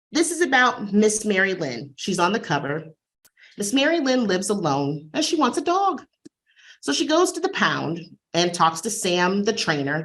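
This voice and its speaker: A woman librarian giving a chatty, enthusiastic booktalk on a video call webinar. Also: on the low side. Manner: enthusiastic, chatty, acts out dog sounds.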